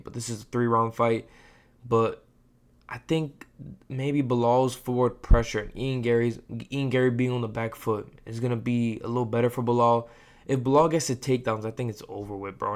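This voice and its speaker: A man hosting a casual fight-predictions video, talking in a slangy, rambling way and calling the listener "bro" often. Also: medium pitch. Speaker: host of fight prediction channel. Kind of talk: casual sports predictions talk.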